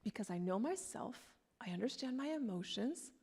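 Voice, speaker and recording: A woman in her thirties giving a candid, conversational sermon in a church, telling personal stories with animated delivery. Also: a little high, normal speed, husky. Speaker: guest speaker. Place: church sanctuary.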